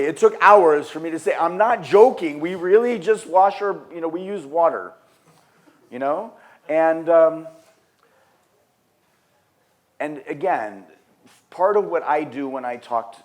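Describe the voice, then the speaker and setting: Man, mid pitch, relaxed festival workshop leader, loose and lively. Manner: casual, animated storytelling with frequent fillers. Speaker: design workshop speaker. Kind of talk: live workshop talk. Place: conference venue.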